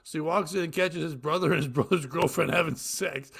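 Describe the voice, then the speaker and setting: A man's voice: a little fast, creaky, a bit bright, breathy edge. A man co-hosting a casual comedy podcast, reading crude jokes aloud, laughing constantly and acting out the characters in exaggerated voices. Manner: laughs constantly, squeals into high-pitched shrieks when laughing. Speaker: podcast co-host.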